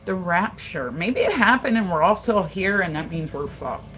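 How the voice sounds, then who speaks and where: A woman's voice: lowish voice, normal speed, over music, poor audio. A woman from Delaware hosting a casual livestream, rambling and swearing as she talks. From Delaware, USA. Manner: profane, rambling, animated. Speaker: livestream host.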